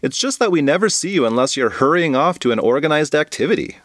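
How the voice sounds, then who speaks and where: A man's voice: a little high, lively intonation, fast talker, fairly bright tone, dry recording, studio quality, pitched above the performer's own voice. A man voicing a cheerful, imaginative young schoolgirl with a teasing, bubbly manner.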